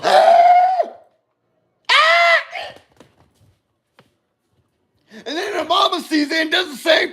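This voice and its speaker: A man speaking about love in a loose motivational talk has a high, fairly bright voice. He wanders and circles back over the same points, drops the odd curse word and keeps addressing people as brother.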